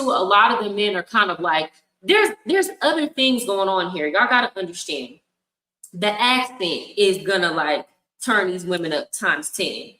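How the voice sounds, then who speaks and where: A woman hosts a livestream with a bright, forceful voice. She talks bluntly and frankly, laughing often as she reacts. The sound carries an echoey room around her. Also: medium pitch. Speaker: livestream host. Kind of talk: casual reaction commentary. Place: home in Colombia.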